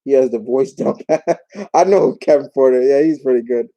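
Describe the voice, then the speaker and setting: A man from New York hosting a casual live Q&A, talking in a rambling, animated way with many restarts. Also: medium pitch, fairly quick, muffled recording. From New York, United States. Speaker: YouTube show host.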